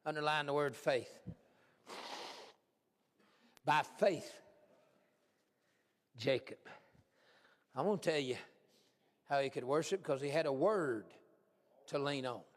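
A man pastor preaching a folksy, animated sermon, swinging from hushed asides to shouts. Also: on the high side, slow, long pauses. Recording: long hall reverb.

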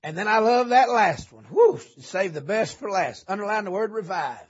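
A man preaching a revival sermon, folksy and joking, dropping to low asides and rising to shouts. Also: expressive, moderate pace, slightly rough, dull audio. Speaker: visiting preacher. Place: church sanctuary.

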